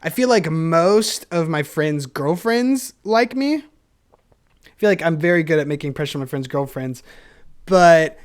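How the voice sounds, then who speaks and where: A young man hosting a solo podcast, rambling in a self-deprecating, energetic way and laughing often. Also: a little high, a little slow, clear, resonant tone. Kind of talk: rambling casual monologue.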